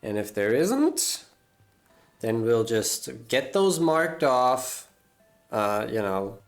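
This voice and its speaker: A male streamer chats slowly and loosely while he plays. He rambles, cracks self-mocking jokes and trails off into long fillers. Faint music runs underneath. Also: medium pitch, very animated. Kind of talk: casual live-stream chat while gaming.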